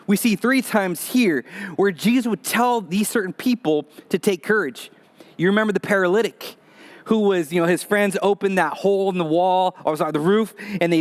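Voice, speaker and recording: High-voiced pastor telling a lively story. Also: male voice. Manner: storytelling, lively and conversational with humor. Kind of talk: sermon.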